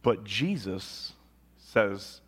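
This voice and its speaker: A male pastor preaching a sermon, telling a story with big swings from loud and high to low and quiet. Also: very slow, slightly rough. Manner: animated storytelling with sudden jumps in pitch and volume; drops low and quiet on solemn points.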